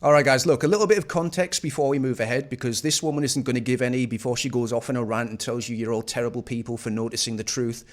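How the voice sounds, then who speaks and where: A man's voice: mid-range voice, steady tone, quick pace, hardly any pauses. A man giving casual reaction commentary on a news clip in a sarcastic, mocking manner.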